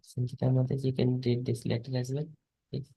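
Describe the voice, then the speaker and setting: A man leading a scripture class, explaining haltingly with restarts and repetitions. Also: medium pitch, monotone, gravelly, mellow.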